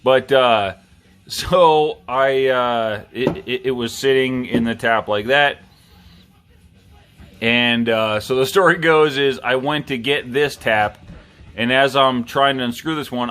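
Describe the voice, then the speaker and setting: A man's voice: mid-range voice, a bit bright, smooth. A tipsy man hosting a knife review vlog, rambling casually with plenty of swearing and self-mocking jokes.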